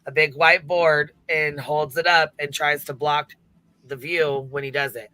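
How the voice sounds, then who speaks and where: A man's voice: fairly high pitch, little pitch movement, measured pace, pushed and bright, low-quality recording. A man hosting a live panel, bluntly narrating video clips play by play and swearing freely. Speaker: livestream panel host. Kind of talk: casual commentary over video clips.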